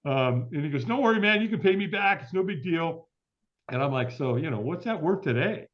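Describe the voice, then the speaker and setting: Man, middle-aged, storytelling guest, acts out quoted voices, slightly high voice, muffled lo-fi audio. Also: animated, a little fast. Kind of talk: storytelling interview. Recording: dull lo-fi audio.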